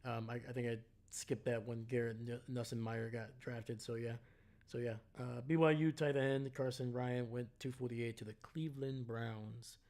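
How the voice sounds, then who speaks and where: A tired man talks loosely to his chat during a live stream, rambling and restarting his sentences. His voice sits at a medium pitch and stays casual and unpolished. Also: little pitch movement, normal speed, darkish tone. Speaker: live draft reaction streamer.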